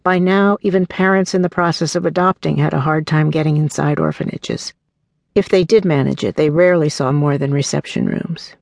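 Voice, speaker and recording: A woman narrating her own memoir as an audiobook, telling the story in an earnest, warm way and voicing the people in it. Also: low voice, steady tone, a little fast, vocal fry, no room sound.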